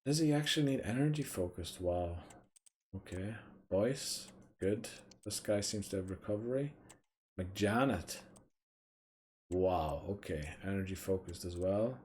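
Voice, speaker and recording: Low-voiced man muttering through a football game. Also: expressive, measured pace, darkish tone, slight background noise. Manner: mutters to himself, mild swearing, thinking aloud. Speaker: gaming streamer. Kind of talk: casual gameplay commentary.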